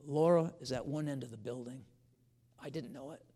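A man's voice: medium pitch, fairly quick, warm tone, slightly rough, big-room sound. A man preaching a sermon, telling a personal story with humor and turning to an earnest appeal.

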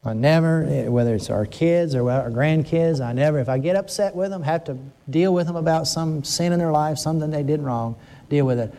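An older man preaching a conversational sermon, earnest and emphatic, slowing down to stress his words. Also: a little high, dark tone.

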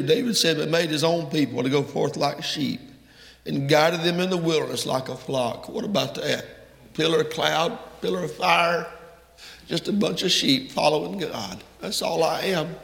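Male preacher, gravelly and a touch high, fervent sermon delivery, long church reverb. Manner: fervent, rising to loud emphatic peaks. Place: church sanctuary. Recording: echoey hall from far off.

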